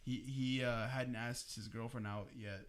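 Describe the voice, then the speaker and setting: This podcast co-host, a young man, shares an animated story in a casual setting with friends, cursing liberally and laughing along the way. His medium-pitched voice takes an unhurried pace.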